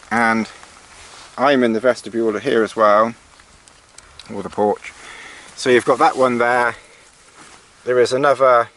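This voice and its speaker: A man's voice: mid-range voice, fairly bright tone. A man giving a casual walkthrough of a tent from inside it, hesitant, with dry sarcastic asides. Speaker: outdoor gear reviewer. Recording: faint rain noise on tent.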